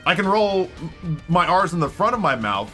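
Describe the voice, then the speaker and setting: An American streamer rambles through a casual chat with his viewers, circling back and restarting his sentences as he goes. His voice sits a little high and sounds bright and forward. Soft music plays faintly behind him. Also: big pitch swings, normal speed. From United States. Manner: rambling, self-interrupting with many restarts.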